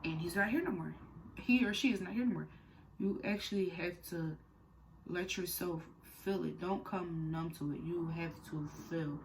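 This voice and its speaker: A woman's voice: fairly low pitch, moderate pace, a little hiss or hum, poor audio. A young woman speaking candidly in a personal storytime vlog, conversational and full of fillers, turning earnest and direct when she gives advice. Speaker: vlogger.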